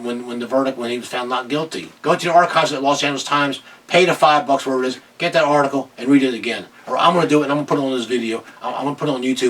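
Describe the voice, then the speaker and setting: A man's voice: mid-range voice, a bit bright, distant mic, rough recording. A middle-aged man ranting angrily in a video commentary, agitated and repeating himself. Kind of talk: angry political rant.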